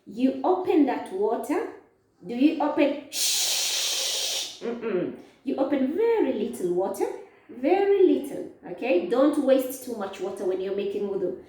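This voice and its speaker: A woman teaching a lesson to children, speaking slowly, asking questions and answering them herself. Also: on the high side, expressive, mellow. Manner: slow, drawn-out, asks questions and answers them. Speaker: Islamic studies teacher. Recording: echoey, from far off.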